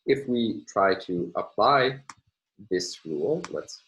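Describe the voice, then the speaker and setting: Man, very deep voice, university lecture, methodical step-by-step explaining, filler pauses, faint clicking behind. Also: expressive, fairly bright tone, slight background noise, low-quality recording. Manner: measured, explanatory, frequent "uh" and "um" pauses. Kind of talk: recorded phonology lecture.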